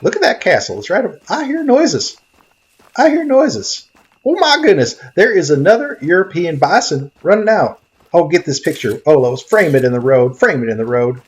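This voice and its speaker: A man's voice: fairly high pitch, moderate pace. A man playing a naive, bumbling greenhorn hunter and photographer from Tennessee, rambling in a folksy way in comedic game commentary. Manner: rambling, folksy, easily excited. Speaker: gaming video narrator.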